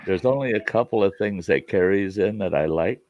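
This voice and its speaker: A man's voice: sits low, fairly quick, muffled recording. A man chatting casually on his show, telling movie stories in a rambling way and laughing at his own retellings. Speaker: show host. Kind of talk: casual chat.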